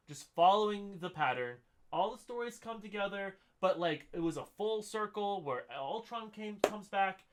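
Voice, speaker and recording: High, lively man chatting casually. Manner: loose and chatty, swears freely. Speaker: podcast host. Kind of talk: casual chat.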